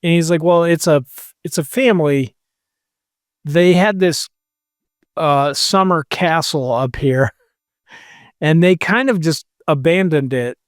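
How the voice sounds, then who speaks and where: Man in his podcast chair telling a rambling story, voice a bit high, dry booth sound. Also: unhurried, long pauses, no echo. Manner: rambling, quotes people with "he's like". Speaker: podcast co-host. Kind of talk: casual storytelling chat.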